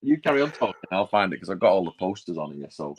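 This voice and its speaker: A very low-voiced man, chatting casually on a film podcast. He rambles, restarts his sentences and trails off into quiet, mumbled asides. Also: sing-song, fast, slightly rough, rough recording. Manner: rambling, self-interrupting, drops into quiet asides. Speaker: podcast co-host. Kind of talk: casual chat.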